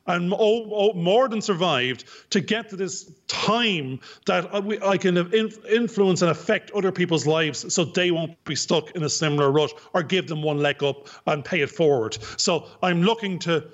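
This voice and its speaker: A man with an Irish accent, co-hosting a casual podcast chat, talking with animated emphasis and repeating words for stress. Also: sits high, normal speed, few pauses, muffled recording. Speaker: podcast co-host.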